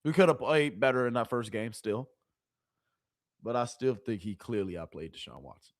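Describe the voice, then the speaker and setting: A woman streamer giving casual, animated sports commentary, full of rhetorical questions and slang. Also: a bass voice, normal speed.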